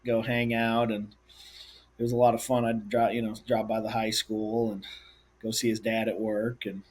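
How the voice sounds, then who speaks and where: A college coach tells recruiting stories in a relaxed way. His pitch stays mid-range and barely moves, for a flat delivery. It is a documentary interview. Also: moderate pace. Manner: relaxed, anecdotal.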